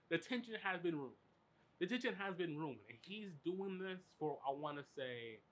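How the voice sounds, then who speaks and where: A man hosting a podcast, telling a story in animated, profane, filler-heavy casual chat. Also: fairly high pitch. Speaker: podcast host.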